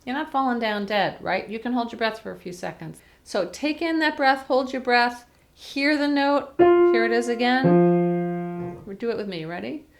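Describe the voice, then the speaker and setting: A woman voice teacher giving a chatty singing lesson, breaking into sung warm-up vowels to demonstrate. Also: fairly high pitch, lively intonation, normal speed, over loud music. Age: older. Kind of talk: vocal lesson to camera.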